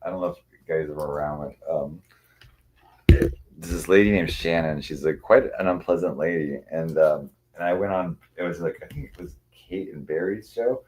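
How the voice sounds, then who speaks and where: Rambling low-voiced man on a livestream. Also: normal speed, darkish tone. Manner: rambling, many restarts, coos at his cats. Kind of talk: casual rambling livestream chat.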